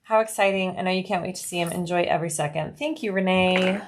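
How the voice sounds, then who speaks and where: A woman's voice: lowish voice, fast talker, slight background noise. Chatty woman sewing on a livestream. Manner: chatty, reads viewer comments aloud, explains steps. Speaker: live stream host. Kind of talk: casual livestream chat while sewing.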